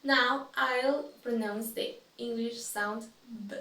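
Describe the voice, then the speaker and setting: A woman with a fairly high voice says practice words one by one at a very slow, deliberate pace. She sounds set back from the microphone in an echoey room. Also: fairly even intonation, sharp tone. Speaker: student presenter. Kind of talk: pronunciation practice recitation. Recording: echoey room, distant mic.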